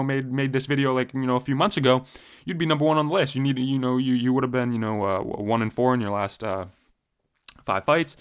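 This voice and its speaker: A man's voice: mid-range voice, fairly bright tone, clear, resonant tone. A young man giving profane, heated, casual commentary on fighters, full of slang and fillers. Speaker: MMA commentary YouTuber.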